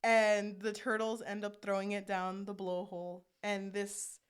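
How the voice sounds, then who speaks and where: A woman's voice: medium pitch, unhurried, clear, resonant tone. A young woman co-hosting a podcast, chatting casually as she retells a movie plot and acts out the characters' lines. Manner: animated, acts out character lines while recapping. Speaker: podcast co-host.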